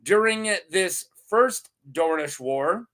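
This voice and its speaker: A man's voice: sits high, lively intonation, slow, fairly bright tone. A man hosting a lore channel, chatting casually and animatedly, rambling and laughing often.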